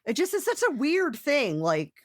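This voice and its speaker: A woman's voice: high-pitched, huge pitch swings, normal speed, dry recording, studio quality. A woman co-hosting a podcast, chatting casually and reacting with incredulous questions. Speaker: podcast co-host.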